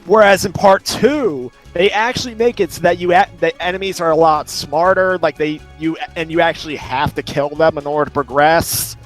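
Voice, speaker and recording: A man hosting a let's play, talking casually over his gameplay. His voice sits somewhat high, and he rambles, piling up detail after detail in long lists. Faint music plays underneath. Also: moderate pace, few pauses.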